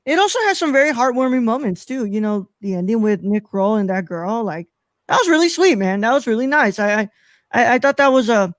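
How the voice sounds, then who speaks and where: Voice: mid-range voice, lively intonation, a little fast, dry recording. Podcast co-host, eager, stumbles over words, dry close sound. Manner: enthusiastic, stumbling restarts, laughs often. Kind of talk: casual chat.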